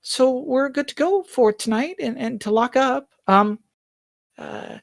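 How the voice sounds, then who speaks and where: A woman's voice: high-pitched, lively intonation, measured pace, vocal fry, dry recording, clean studio sound, voice pushed up, exaggerated voice. A woman voicing a meek, polite young female shop assistant who speaks hesitantly and apologetically.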